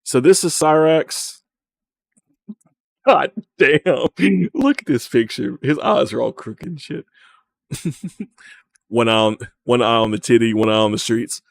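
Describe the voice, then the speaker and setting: A man's voice: medium pitch, measured pace, gravelly, long pauses, no room sound. A man from the American South, mocking a video in casual, profane live commentary, laughing often. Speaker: streamer reacting to a video.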